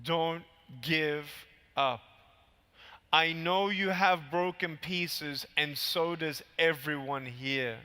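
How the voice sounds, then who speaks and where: His voice is a little high and smooth, and his pace is slow. The man, in his thirties, gives a motivational convention keynote, acting out scenes in lively stories while long hall reverb from the PA rings around him.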